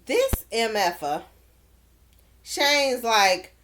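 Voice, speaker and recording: A woman's voice: fairly high pitch, sing-song, very slow, a bit bright, a little hiss or hum. A woman recapping a dating show in a casual vlog, blunt and exclaiming, with slangy asides. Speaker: show reviewer.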